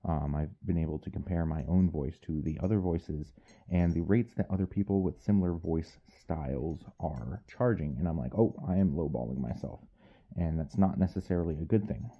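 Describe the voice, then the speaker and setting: A man's voice: low-pitched, a little fast, dark tone, slightly rough, no echo. A man who is a powerlifter and audiobook narrator, talking in a casual vlog with a wry, joking, self-deprecating manner.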